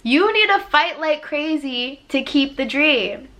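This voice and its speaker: A woman's voice: lively intonation, slow. A woman giving a motivational spiritual talk as a life coach, emphatic and repetitive with a chatty "like". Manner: emphatic and preachy, acting out God's voice with loud high swoops; repetitive, conversational, with frequent "like". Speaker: life coach and podcast host.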